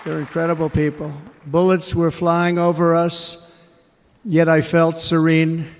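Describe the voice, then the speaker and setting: An American man in his seventies giving a speech to a rally crowd in a large indoor arena, measured and emphatic, repeating his phrases. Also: a little high, completely flat delivery. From United States. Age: 70s. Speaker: political candidate. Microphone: podium microphone. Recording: echoey arena with crowd noise.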